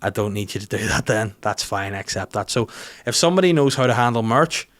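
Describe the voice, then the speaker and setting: A man's voice: mid-range voice, fairly quick. Northern Irish man, podcast host, casual comic monologue, rambling, self-mocking, swears freely.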